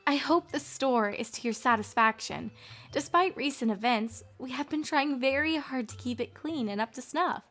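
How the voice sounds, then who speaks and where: A woman voicing a polite, formal female store manager in a fanfic audiobook reading, courteous and softly spoken. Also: high voice, normal speed. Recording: faint music behind.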